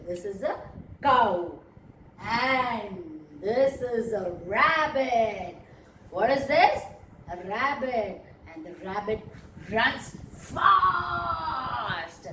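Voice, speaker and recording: Woman, teacher for young kids, sing-song, fairly high voice, echoey room. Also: far from the mic, slight background noise. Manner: sing-song, slow and emphatic with animal sounds.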